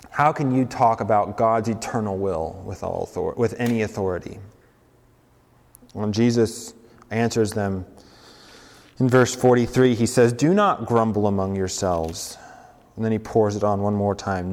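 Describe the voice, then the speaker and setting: A male preacher giving a sermon with a lot of energy, now and then lifting his voice high to act out the complaints of doubters. His voice has a middle pitch. It rings out with the long reverb of a large hall. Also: normal speed. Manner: animated, mimics objectors in raised voice. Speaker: campus preacher.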